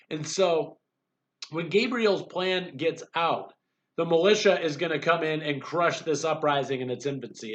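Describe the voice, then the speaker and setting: Man lecturing, fairly high voice, chatty, stumbles and restarts, quotes in voices. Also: a bit bright, poor audio. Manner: conversational, many fillers and restarts; acts out quoted voices to make points. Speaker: history instructor. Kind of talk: recorded college lecture.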